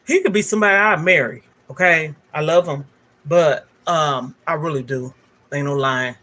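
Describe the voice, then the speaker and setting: A woman's voice: deep voice, moderate pace, fairly bright tone. An older woman, a livestream host telling a candid, emotional personal story straight to her viewers.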